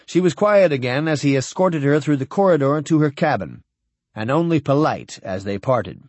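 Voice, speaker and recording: A man narrating an audiobook in an expressive, steady storytelling manner. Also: fairly high pitch, moderate pace, no room sound. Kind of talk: scripted narration.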